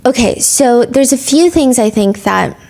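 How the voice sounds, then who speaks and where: A woman's voice: lively intonation, measured pace, vocal fry, dark tone. A woman hosting a true crime podcast, narrating court testimony and reading text messages aloud in an earnest storytelling manner. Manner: earnest storytelling, rises in pitch when reading emotional texts aloud.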